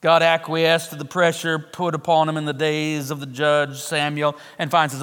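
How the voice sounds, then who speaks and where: A middle-aged man delivers a sermon from a church, his voice sitting high for a man. He preaches emphatically and doubles back on key phrases to drive them home. The sound carries a long reverb from the large room. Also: little pitch movement, normal speed, few pauses, a bit bright, clean tone. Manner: emphatic, repeats phrases for effect. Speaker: pastor.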